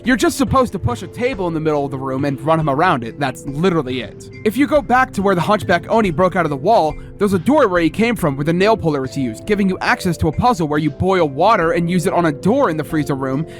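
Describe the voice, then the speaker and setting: A young man with a high voice narrates a scripted video retrospective of a game series. He keeps a wry, self-deprecating edge. Quiet music plays faintly beneath his voice. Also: animated, fast, few pauses. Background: faint background music.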